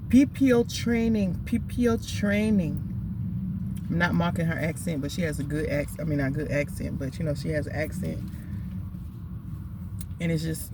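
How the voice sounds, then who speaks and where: Chatty woman vlogging from a noisy car. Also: sits low. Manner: chatty, emphatic, Southern US slang. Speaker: food vlogger. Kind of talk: casual eating vlog storytelling.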